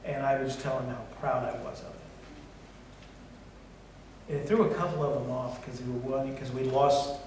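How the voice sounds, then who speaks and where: Blunt preacher in an echoey church. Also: male voice, mid-range voice, slight background noise. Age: middle-aged. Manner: blunt, swings from loud to soft. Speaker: pastor. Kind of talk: sermon. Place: church sanctuary. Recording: echoey hall from far off.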